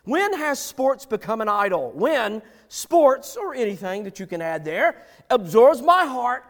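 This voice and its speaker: A middle-aged male pastor delivers an emphatic sermon, stacking repeated phrases to drive points home. His voice sits very high for a man. A long reverb trails each line in the sanctuary.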